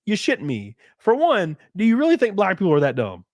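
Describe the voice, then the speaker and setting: Animated, swearing livestream host man. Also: high voice, a little fast, dry recording, studio quality. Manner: profane, excitable, animated ranting. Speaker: livestream host reading viewer donations. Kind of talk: casual livestream chat and rant.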